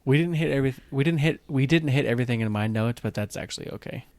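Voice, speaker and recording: A man's voice: mid-range voice, fast, a little mellow, dry recording. Easygoing man co-host, dry close sound. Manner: easygoing, agreeable, frequent short backchannels. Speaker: podcast co-host. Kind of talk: casual chat about musical theater.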